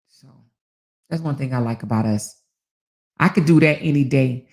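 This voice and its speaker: A woman hosting a casual talk channel, telling stories to her viewers with animated delivery, frequent laughs and casual swearing, acting out the lines she quotes. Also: rumbling low, normal speed. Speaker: host.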